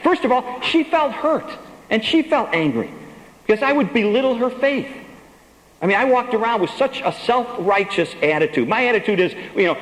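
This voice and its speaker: High-voiced man preaching in an echoey hall. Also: animated, normal speed, fairly bright tone. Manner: storytelling, emphatic, acts out quoted lines. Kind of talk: sermon testimony.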